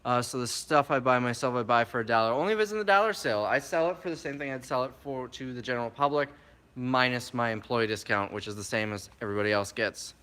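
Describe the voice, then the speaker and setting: Man, live q&a, chatty, bright forward voice. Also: medium pitch, steady tone, quick pace, clean tone. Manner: chatty, reads viewer questions aloud and answers them. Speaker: reseller answering live chat questions. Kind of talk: live stream Q&A.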